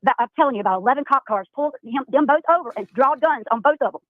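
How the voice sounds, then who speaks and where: A woman calling in by phone, telling an upsetting story in a halting, tearful way. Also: high-pitched, animated, no echo. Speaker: caller. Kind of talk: emotional phone call on a livestream. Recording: tinny phone line.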